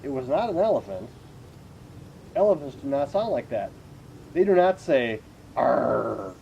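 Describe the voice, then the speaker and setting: A clever, boastful storybook detective who exclaims eagerly and spells out each deduction, as a man reading aloud puts him on. The voice jumps up and down in pitch and stays mellow and warm. Faint noise sits behind it. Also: big pitch swings, vocal fry, muffled recording. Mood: excited. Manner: eager, exclaiming, deliberate reasoning. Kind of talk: reading a children's picture book aloud.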